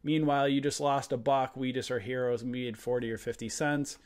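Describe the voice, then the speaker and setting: A man in the middle of his pitch range teaches a live trading session over a screen share, speaking from a desk mic. He is blunt and fired up, ranting with emphasis and dropping mild swears in a casual way. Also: flat delivery, fairly quick, clean tone. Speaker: trading room host.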